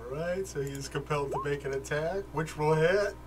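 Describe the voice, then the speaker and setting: A man's voice: fairly high pitch, fairly quick, noisy background. A man narrating as game master in a tabletop game, calling rolls and outcomes matter-of-factly with the odd chuckle. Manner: matter-of-fact rules calls, chuckling.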